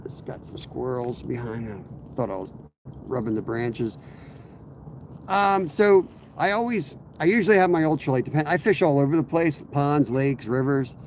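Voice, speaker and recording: A fishing streamer with a cold, hoarse and medium-pitched, chats casually on a live stream from his kayak on a river, speaking at a moderate pace. He rambles in a relaxed way and greets viewers by name, with slight background noise outdoors.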